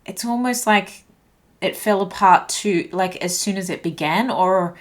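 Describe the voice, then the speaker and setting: A woman's voice: mid-range voice, unhurried. Slightly breathless woman reading tarot. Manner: musing, searching for words as she reads cards. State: slightly breathless, voice a bit shaky. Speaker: tarot reader. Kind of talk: intuitive tarot card reading.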